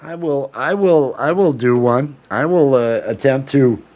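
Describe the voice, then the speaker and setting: A man's voice: medium pitch, unhurried. Rambling male livestream host. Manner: rambling, swearing, loose excitable storytelling. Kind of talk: casual chat.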